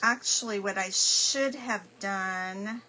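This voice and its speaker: Slow-talking bright-voiced woman crafter. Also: medium pitch, poor audio. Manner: chatty, apologetic, flustered. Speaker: crafter hosting a live stream. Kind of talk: casual craft livestream chat.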